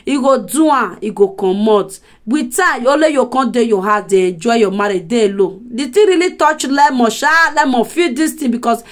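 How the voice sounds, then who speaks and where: A woman's voice: on the high side, moderate pace, hardly any pauses. Chatty Nigerian woman gossiping to viewers. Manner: chatty, laughs often, addresses viewers directly. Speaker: gossip commentator. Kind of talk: casual gossip commentary.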